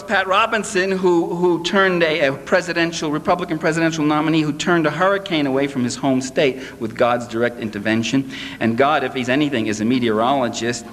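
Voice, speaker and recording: Man, sarcastic public speaker, fairly high voice, live lecture in a reverberant hall. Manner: sarcastic, animated, mocks quotes. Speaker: political lecturer. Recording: echoey hall, faint hiss.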